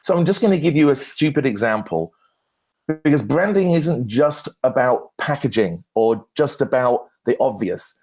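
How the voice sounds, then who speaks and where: A man, a branding expert guest at a conference Q&A, telling lively anecdotes with self-deprecating humor and frequent restarts. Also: medium pitch, moderate pace. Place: conference stage.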